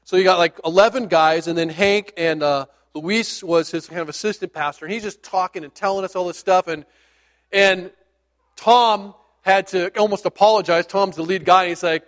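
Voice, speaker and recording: A male pastor preaching a sermon in a church, talking loosely and with rising enthusiasm. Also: fairly quick. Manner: loose, rambling and enthusiastic, grows louder and higher when fired up. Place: church sanctuary.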